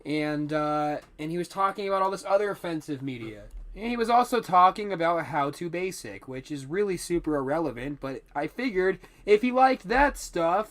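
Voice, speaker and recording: Young man, high voice, casual storytime, swearing, rambling, animated.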